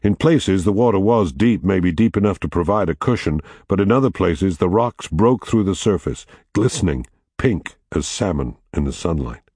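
A man narrating an audiobook in a measured, steady, quietly dramatic way. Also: deep voice, husky, dry recording, studio quality.

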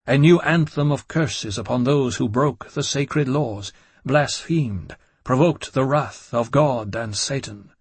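A man narrates a first-person gothic audiobook, his delivery dramatic but measured. He speaks at an ordinary pitch with a husky texture, and the recording sounds intimate and dry, with no echo from the room.

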